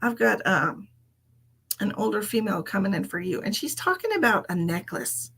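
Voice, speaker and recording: A woman's voice: medium pitch, very animated, normal speed, creaky, fairly bright tone, husky. A woman, giving psychic readings on a live stream in a chatty way and calling people darling and sweetheart. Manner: chatty, calls people endearments. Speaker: psychic medium.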